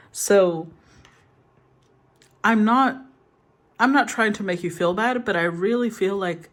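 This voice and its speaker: A woman's voice: lowish voice, fairly bright tone. A woman giving a casual tarot reading, soothing in tone, thinking aloud and rephrasing as she goes. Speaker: tarot reader.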